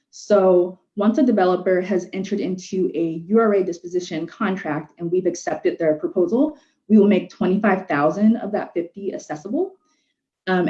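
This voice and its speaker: Mellow woman presenting on a dull call. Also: lowish voice. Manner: steady, informative, with frequent ums. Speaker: staff presenter. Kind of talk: presenting at a board meeting. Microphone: video call. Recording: dull video-call audio.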